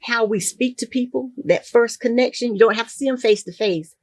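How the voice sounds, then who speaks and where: An older woman, a guest in an interview, telling stories in a relaxed conversational way and acting out the lines she quotes. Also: a little high, fairly quick, no echo. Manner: warm storytelling, acts out quoted dialogue.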